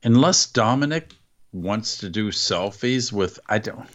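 Incredulous man with a low voice. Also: lively intonation, a little slow, fairly bright tone, muffled recording. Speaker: podcast co-host. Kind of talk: casual chat.

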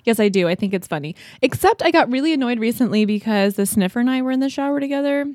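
A woman's voice: fairly high pitch, lively intonation, quick pace, a little mellow, no room sound. A woman co-hosts a casual podcast, telling bawdy stories in a playful voice. She laughs often. Her voice sounds dry and close. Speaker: podcast co-host. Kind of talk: casual chat.

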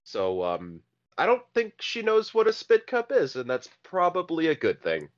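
A man's voice: on the high side, wildly swooping pitch, moderate pace, highs cut off. A man co-hosting a podcast, chatting playfully and laughing often. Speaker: podcast co-host. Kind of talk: casual comedic chat.

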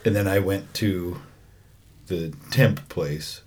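Man, forties, podcast co-host, husky, low pitch, quick wisecracks. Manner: joking banter, quick wisecracks. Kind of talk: casual chat.

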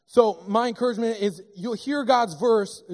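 A man preaching a sermon in a church, talking in a lively, conversational and joking way. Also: high-pitched, moderate pace. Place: church sanctuary.

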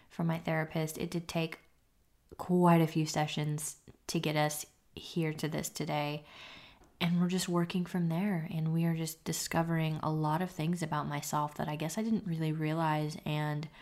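A woman's voice: low-pitched, darkish tone. A young woman hosting her own podcast, talking openly and casually about her life, with the odd swear word. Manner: open, confessional, casual with swearing. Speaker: podcast host. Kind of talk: candid solo podcast talk.

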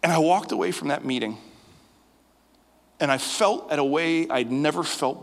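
A man as guest pastor telling a story in a sermon, animated, often stammering over repeated words. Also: fairly high pitch, moderate pace, gravelly, long pauses. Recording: long hall reverb.

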